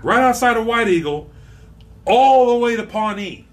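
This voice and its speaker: Animated, cursing storyteller man. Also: very high-pitched, moderate pace. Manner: profane, animated storytelling with acted-out quotes. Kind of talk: casual chat, storytelling.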